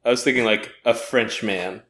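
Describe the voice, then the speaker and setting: A man co-hosting a comedy podcast with a bright, clear voice. He jokes freely and laughs easily while chatting with his friends. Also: lowish voice, fairly even intonation. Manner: joking, quick to laugh. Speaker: podcast co-host. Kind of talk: casual comedic banter.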